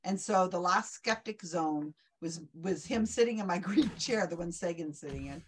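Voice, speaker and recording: Woman hosting trivia on a video call, chatty and excited, rambles on. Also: on the low side, normal speed, slight background noise. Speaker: trivia night host. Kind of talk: casual online group chat.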